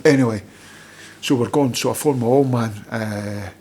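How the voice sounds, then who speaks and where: A middle-aged Scottish man, a former footballer, telling lively stories in casual chat as a podcast guest and acting out other people's lines. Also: medium pitch, moderate pace, a little hiss or hum. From Scotland. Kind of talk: casual anecdotal storytelling.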